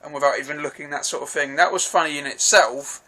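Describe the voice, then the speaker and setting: A man's voice: fairly high pitch, fast, bright, forceful tone. A man giving a casual, rambling film review, swearing freely and restarting his sentences.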